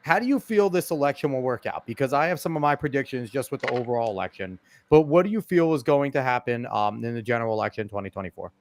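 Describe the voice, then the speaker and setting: A man hosting a casual podcast interview, who talks in a jokey, excitable, rambling way and uses many "like"s. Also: medium pitch, fast, few pauses. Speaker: podcast host.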